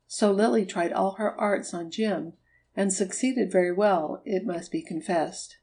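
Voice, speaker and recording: A woman narrating a children's storybook in an even, measured reading. Her voice sits at a middle pitch for a woman. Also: poor audio. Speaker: audiobook reader. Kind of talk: scripted narration.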